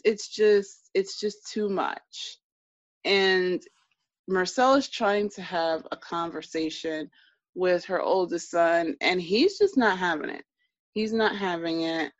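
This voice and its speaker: Casting note: easygoing female podcast co-host, lower voice, dull lo-fi sound. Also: dry recording. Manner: chatty, emphatic, trails off and restarts. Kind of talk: casual reality TV recap chat.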